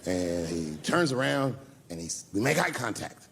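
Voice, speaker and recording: A middle-aged man telling a profane, animated story as a stand-up comedian on a live stage. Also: lowish voice, moderate pace, creaky, slight background noise. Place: live stage before an audience.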